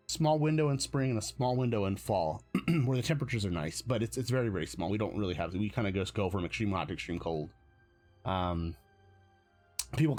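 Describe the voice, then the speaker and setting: A man from the United States with a lowish, slightly mellow voice hosts a live stream. He chats casually and rambles, correcting himself and chuckling frequently.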